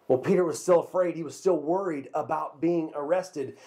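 A man telling a Bible story to children as a kids' pastor, lively and a little halting, often repeating a word before going on. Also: on the high side. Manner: lively storyteller, repeats words while talking.

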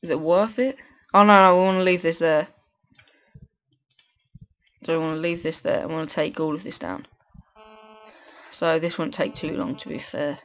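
A man hosting a gaming video on a headset, chatting casually to himself while he builds, swearing often and breaking into excited bursts. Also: sits high, a little slow, long pauses. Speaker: gaming channel host. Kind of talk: casual gameplay commentary.

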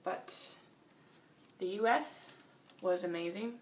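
Her voice lowish and her pace slow, a woman tired from a long flight chats in a video diary about her cycling trip, laughing often. She is a long-distance cyclist filming in a small motel room, and the distant mic picks up a little hiss or hum.

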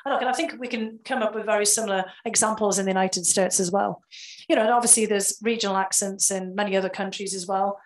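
A woman with a carefully enunciated Northern English accent, answering interview questions in a measured, explanatory way with frequent fillers. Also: mid-range voice, steady tone, low-quality recording. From England. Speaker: guest, former security official.

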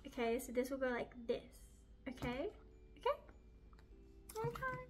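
A young woman vlogging in a chatty, excitable, gushing way as she assembles a baking project. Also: high voice, a little slow. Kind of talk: casual baking vlog.

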